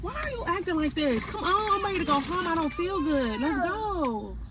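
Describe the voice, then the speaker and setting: A woman's voice: extremely high pitch, expressive, moderate pace. A young woman in casual vlog chat, scolding in an exasperated, blunt way with some swearing, recorded outdoors on a street. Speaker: vlogger. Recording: loud street noise behind the voice.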